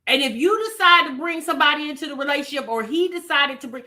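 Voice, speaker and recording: A woman's voice: high voice, lively intonation, fast, bright, forceful tone. A woman hosting reaction commentary, blunt, incredulous and scolding. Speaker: commentary host.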